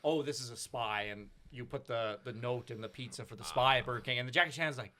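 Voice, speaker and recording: A man's voice: medium pitch, fast talker, pushed and bright. A man on a podcast rambling through a movie scene in casual chat. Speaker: podcast co-host.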